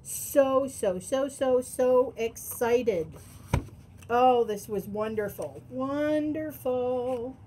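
Female vlogger, slightly high, unhurried, gushing unboxing delivery, faint background noise. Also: warm tone, poor audio. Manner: gushing, gasping, breaks into delighted exclamations. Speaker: tarot channel host. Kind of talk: unboxing vlog.

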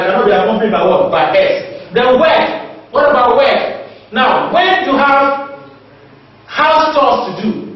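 Nigerian guy teaching grammar, really high voice, slow, echoey far-off room sound. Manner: asks questions and answers them himself. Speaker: English teacher. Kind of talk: exam tutorial lesson. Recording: echoey, distant, dull recording.

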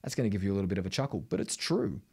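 A middle-aged man with an Australian accent gives a singing lesson straight to camera. His voice sits a little low, and he talks in an emphatic, blunt way, tagging "right?" onto most of his points. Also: very animated, very fast, gravelly, warm tone, slightly rough. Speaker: singing teacher. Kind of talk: vocal tutorial to camera.

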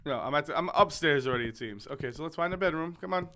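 Young male gaming host, loose jokey commentary, bright tone, slightly high voice. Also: animated, fast. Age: young adult. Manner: joking, rambling, swearing, frequent laughs and stammered restarts. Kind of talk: let's play commentary, reading game text aloud.

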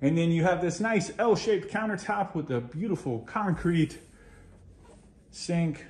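In this home tour video, an American man whose voice sits high and a little mellow strolls through a model house at a measured pace. He chats upbeat and enthusiastically, gushing over the features as he goes.

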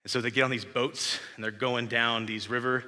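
A man's voice: medium pitch, level tone, a little fast, bright, forceful tone. A young man with a West Texan accent preaching a sermon as pastor, in a casual, chatty way with asides to the congregation. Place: church sanctuary. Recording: long reverb of a church hall.

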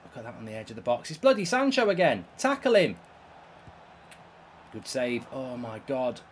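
A man's voice: medium pitch, wildly swooping pitch, normal speed, a little hiss or hum. A man with a heated, swear-filled delivery, hosting video game commentary. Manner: exasperated, swears often. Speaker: host.

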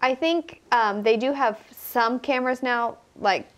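A woman's voice: fairly high pitch, a little slow. A young woman co-hosting a casual podcast, chatting and explaining behind-the-scenes details as a former contestant. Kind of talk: casual chat.

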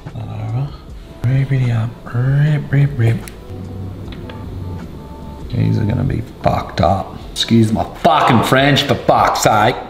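A young man cooking in his home kitchen, talking in a casual, excitable, sweary way. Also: medium pitch, slow, creaky, pauses often. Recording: echoey kitchen with music behind.

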